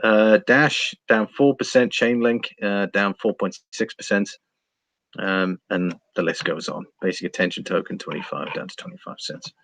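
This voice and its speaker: A man hosting a live stream, chatting casually and thinking out loud while he reads out figures and viewer comments. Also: on the low side, fairly even intonation, moderate pace, dry recording. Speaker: livestream host reading viewer chat.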